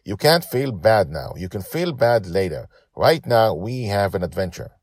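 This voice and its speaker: A man's voice: on the low side, sing-song, normal speed, no echo, clean studio sound, voice pushed up. A man voicing a bossy four-year-old girl who plays a pirate captain and speaks harshly and commandingly.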